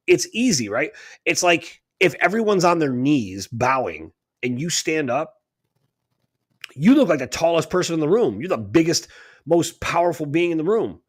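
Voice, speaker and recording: On a spiritual talk radio show he co-hosts, this man speaks in a husky, fairly high voice. His delivery is preachy and emphatic, and he keeps punctuating his points with a rhetorical "right?".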